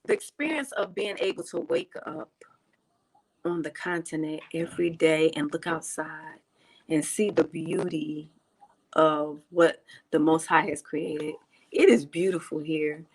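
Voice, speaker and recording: A woman from the United States talks casually as an interview guest, chatty and full of fillers and restarts. Her voice is low-pitched and her pace measured, though the audio is poor.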